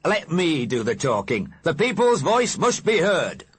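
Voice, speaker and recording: A man's voice: a little high, wildly swooping pitch, a little slow, breathy edge, voice pushed up, heavily acted. A man reading an audiobook, voicing an imperious, bossy dead lady with a pompous, commanding manner.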